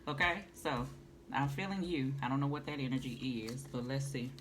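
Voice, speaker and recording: A woman's voice: very deep voice, normal speed. A woman, doing a casual tarot reading and calling the listener honey and baby. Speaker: tarot reader. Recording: noisy home recording.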